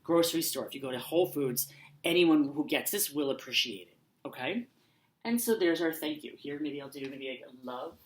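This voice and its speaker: A low-voiced woman teaches young children, her pitch rising and falling a lot. She speaks slowly, saying each word aloud as she writes it. The sound carries a roomy echo. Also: lively intonation. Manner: slow, dictating aloud while writing. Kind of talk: online lesson for children.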